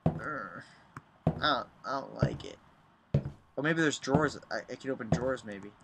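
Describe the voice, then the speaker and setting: A man's voice: mid-range voice, lively intonation, moderate pace. A young man commenting on a horror game as he plays, jumpy and mocking himself as he talks to himself. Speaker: gaming YouTuber. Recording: noisy home recording with clicks.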